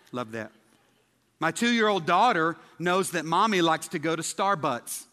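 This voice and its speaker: A man's voice: a little high, expressive, unhurried, pushed and bright, big-room sound. A male pastor giving a humorous sermon, chatting with the congregation and asking them questions. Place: church sanctuary.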